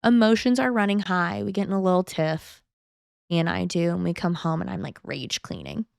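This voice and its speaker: A woman's voice: fairly low pitch, animated, a little fast, creaky, a little mellow, smooth, no echo, clean studio sound. A woman in her thirties, a podcast guest, telling a personal story casually, acting out other people's lines and laughing often.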